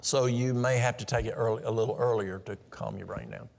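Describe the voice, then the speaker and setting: A man's voice: lowish voice, a little fast, gravelly. A middle-aged man giving a practical, story-filled health talk at a church in a folksy manner. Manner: folksy, practical, tells stories.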